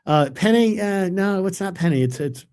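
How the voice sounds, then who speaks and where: Reading viewer comments on a live webcast, the middle-aged TV meteorologist talks in a high, animated voice that is clean and darkish in tone, at a moderate pace. His casual chatter is rambling, self-deprecating, and packed with fillers.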